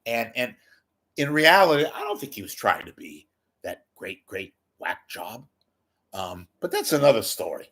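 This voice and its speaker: Rambling man with a jumpy, lively voice. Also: medium pitch, normal speed. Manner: rambling, self-mocking, profane, jumpy. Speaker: YouTube commentator. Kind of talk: comedic monologue.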